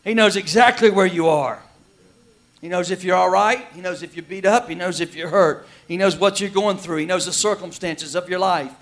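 A male pastor preaching a sermon in a folksy, emphatic way, shouting at the peaks and dropping quiet elsewhere. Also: high voice, moderate pace.

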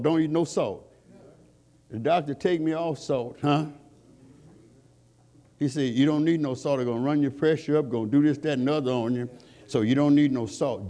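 A man's voice: fairly high pitch, dark tone. A man preaching a sermon in call-and-response style, asking the congregation questions and climbing to fervent peaks.

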